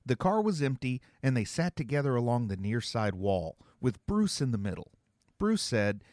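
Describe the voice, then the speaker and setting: A man reading his own novel aloud as an expressive storyteller. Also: mid-range voice, moderate pace, no echo, clean studio sound. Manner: expressive storytelling, voicing several characters. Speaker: author and narrator. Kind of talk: scripted narration.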